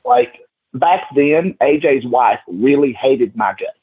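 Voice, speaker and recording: A man's voice: mid-range voice, expressive, slow pace, breathy edge. A man telling rowdy stories as a podcast guest, swearing freely and acting out quotes, over a tinny call line. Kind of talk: casual storytelling.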